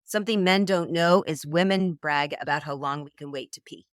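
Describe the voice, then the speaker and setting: A middle-aged woman dating coach speaks in a fairly low voice, telling stories and acting out the people in them. The sound is dry and close, with no room echo. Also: normal speed. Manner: animated storyteller, acts out quoted voices. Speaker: dating coach, podcast guest. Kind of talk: conversational interview.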